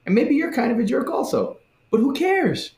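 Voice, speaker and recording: A man in a casual religious discussion who talks in an animated way and acts out the voices he quotes. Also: very high voice, moderate pace. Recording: roomy echo.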